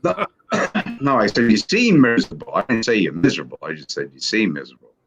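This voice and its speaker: A man's voice: on the low side, huge pitch swings, fairly quick, a bit bright, slight background noise. A man on a live stream chat, bantering in a crude, teasing way.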